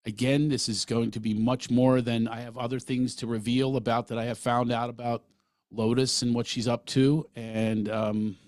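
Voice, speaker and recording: A man's voice: medium pitch, level tone, normal speed, a little mellow, no room sound, clean studio sound. A man hosting a solo podcast, talking earnestly and emphatically and sometimes acting out other voices. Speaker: podcast host.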